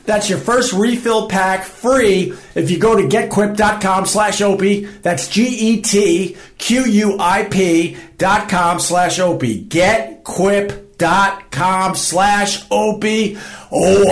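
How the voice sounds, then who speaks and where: A man's voice: high-pitched, slow pace, few pauses, faint music behind. A man hosting a radio show, reading a sponsor ad in an upbeat, salesy way. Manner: upbeat, salesy, spells out the web address. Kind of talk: ad read.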